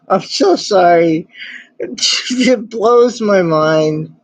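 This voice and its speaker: A man's voice: high voice, animated, drawn-out words, pauses often, no echo. A man streaming and chatting casually, giggling and laughing constantly between his phrases. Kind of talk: casual chat.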